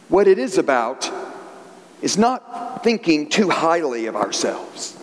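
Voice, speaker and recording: A male priest preaches a Sunday homily in a bright, high-pitched voice that swoops and rises with each point. He leans on stories and repeats phrases for emphasis. A long church reverb hangs behind him. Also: big pitch swings, normal speed. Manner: storytelling, emphatic repetition.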